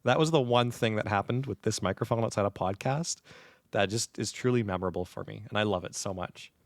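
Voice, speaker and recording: A man in his thirties spins a lively tale in relaxed podcast chat, his low voice sitting right on a close microphone. The sound is dry and intimate, with no room around it. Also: brisk, dry recording. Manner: animated storyteller, acts out quoted gamers. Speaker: podcast co-host. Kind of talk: casual chat. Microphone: close dynamic podcast mic.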